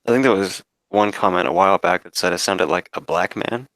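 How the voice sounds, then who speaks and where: A man chatting casually on a livestream, laid-back and quick to laugh, swearing freely. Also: low voice, fairly bright tone, dry recording.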